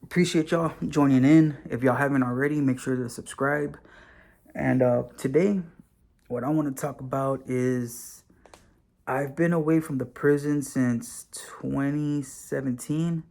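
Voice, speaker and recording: A man's voice: mid-range voice, a little slow, gravelly. A man recording a vlog, telling a personal story casually with many fillers and the odd swear word. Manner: relaxed and conversational, with frequent fillers and occasional swearing. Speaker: vlogger and former correctional officer, now bus driver.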